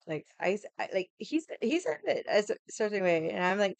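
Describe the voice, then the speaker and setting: A woman's voice: medium pitch, big pitch swings, brisk, no room sound. A young woman telling a story in a chatty, casual way, laughing and swearing as she talks. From Hawaii. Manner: irritated, stubborn storyteller. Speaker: vlogger.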